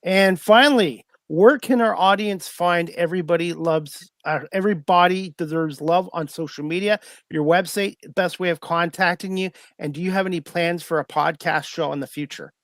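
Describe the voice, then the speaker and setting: Earnest man hosting a podcast, a bit high-pitched, halting delivery, dry sound. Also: fairly bright tone, no room sound. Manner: earnest, hesitant, many fillers and repeated words. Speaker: podcast host. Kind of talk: casual interview hosting.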